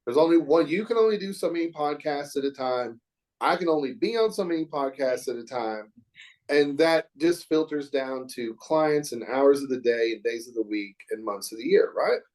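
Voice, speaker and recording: A man's voice: mid-range voice, lively intonation, moderate pace, a little mellow. A middle-aged man from Oklahoma, a hair educator talking as a podcast guest in an earnest, reflective, emphatic way. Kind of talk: podcast interview chat.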